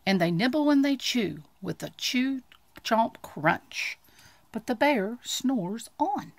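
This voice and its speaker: A woman reading a children's storybook aloud, expressive and full of sound effects, on a close mic. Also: fairly high pitch, slow, creaky, dry recording. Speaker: storybook reader.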